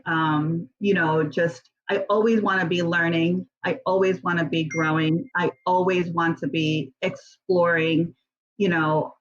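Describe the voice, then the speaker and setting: A woman in a casual interview, answering at length in a slightly low voice. She rambles, circles back with fillers and restarts, and laughs easily. The recording sounds somewhat dull and lo-fi. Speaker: interview guest.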